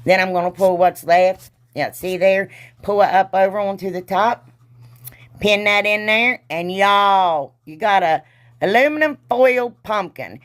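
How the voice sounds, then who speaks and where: A woman hosting a crafting tutorial in chatty voice-over, rambling and teasing herself, often trailing off with a giggle and calling her viewers "y'all.". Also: fairly low pitch. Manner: loose and giggly, trails off mid-sentence. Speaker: craft channel host.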